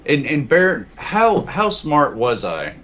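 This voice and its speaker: A man speaks slowly as a guest in a roundtable discussion, rambling philosophically and restarting often. His voice is on the high side and a bit bright, with wildly swooping pitch. The audio is muffled and lo-fi, with faint hiss.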